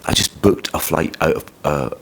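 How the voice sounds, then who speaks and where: A man's voice: a bass voice, moderate pace, creaky, noisy background. A man vlogging about his travels, talking in a rambling, heated way with plenty of swearing and restarts. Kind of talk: vlog storytelling.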